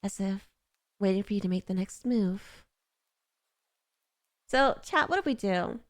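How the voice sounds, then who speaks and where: A woman's voice: expressive, measured pace. A woman streamer reading a story game aloud and chatting to her viewers, gushing and emotional. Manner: emotional, gushing, high squeals when moved. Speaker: gaming streamer.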